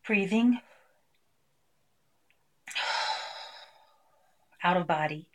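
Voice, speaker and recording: A woman presenting a live workshop, talking through a technique with many pauses and fillers. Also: lowish voice, fairly even intonation, vocal fry, fairly bright tone, slight background noise. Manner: hesitant, filler-heavy, demonstrates by voicing a client. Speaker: clinician presenting a tapping technique.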